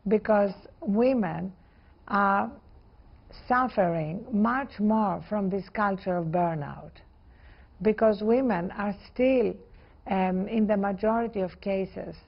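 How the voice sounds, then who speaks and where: A woman with a gravelly, fry-tinged voice answers in a conversational interview. She speaks earnestly and with emphasis, in measured phrases. The sound is slightly dull and muffled. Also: mid-range voice. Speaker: interview guest.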